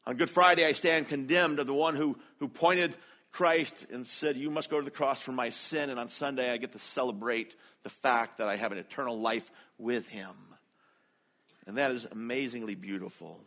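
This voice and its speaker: A man's voice: mid-range voice, moderate pace, pushed and bright. A man preaching a sermon as pastor, earnest and conversational, acting out quoted lines with feeling.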